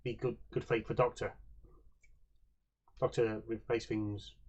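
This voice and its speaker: A man voicing Whisper, a small shy creature who speaks in halting, repetitive broken phrases. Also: fairly low pitch, level tone, a little mellow, husky. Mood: earnest.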